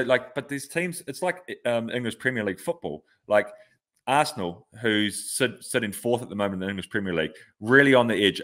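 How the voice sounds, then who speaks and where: A man's voice: fairly low pitch, fairly bright tone. A man co-hosting a casual podcast chat who argues bluntly with examples and swears freely. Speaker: co-host.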